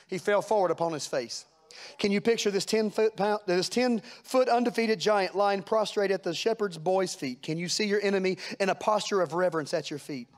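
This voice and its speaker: A man's voice: high voice, brisk. A man preaching a sermon, folksy and plain-spoken, building to fervent rhetorical questions. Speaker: pastor.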